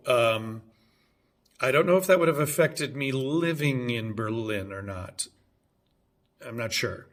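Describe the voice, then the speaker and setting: A man talks casually to the camera, rambling through his story. He often stops with an um or an uh and restarts his sentences. His voice sits at an ordinary middle pitch. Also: fairly bright tone. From United States. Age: 50s. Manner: rambling, hesitant, many fillers and restarts. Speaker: vlogger.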